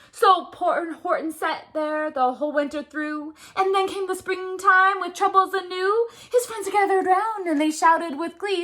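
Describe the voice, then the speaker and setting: A woman's voice: very high voice, fairly even intonation, measured pace, few pauses, fairly bright tone, a little hiss or hum. A woman reading a children's picture book aloud in a playful, rhythmic rap style. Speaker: storyteller.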